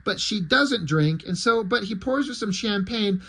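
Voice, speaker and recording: A man's voice: high-pitched, lively intonation, a little slow, gravelly, pushed and bright. A man reviewing comics in a casual, wry way, with fillers and mild swearing. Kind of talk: casual chat.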